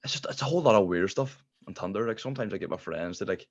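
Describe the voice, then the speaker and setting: A young man with a Derry accent talks quickly in a low-pitched, laid-back voice, rambling and swearing freely. The podcast recording sounds muffled and lo-fi. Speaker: podcast guest. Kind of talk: casual chat.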